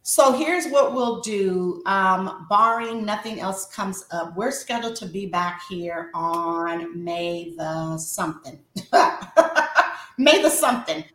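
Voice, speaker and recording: Woman wife coach, slow and preachy, bright sharp tone, lots of ums, echoey room. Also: lowish voice, steady tone. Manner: earnest and encouraging, many "um" pauses. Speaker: wife coach and show co-host. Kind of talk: faith-based coaching talk, preacherly.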